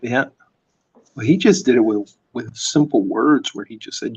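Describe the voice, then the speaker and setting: Late at night, a man who draws comics tells meandering, filler-heavy stories as he works, in easygoing chat. The voice is mid-range and darkish with a breathy edge, moving at a moderate pace over lo-fi sound.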